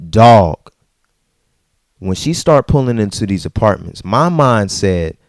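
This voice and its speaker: A man hosting a podcast, telling a story in a casual, animated and profane way and acting out the people in it. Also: mid-range voice, unhurried, no echo, studio quality. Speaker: podcast host.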